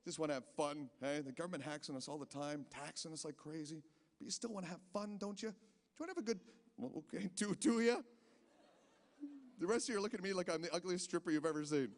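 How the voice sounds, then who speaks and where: Speaking fast in a voice on the high side, a man performs a meandering stand-up set at a casino, tripping over restarts. The live room adds a long, echoing hall reverb.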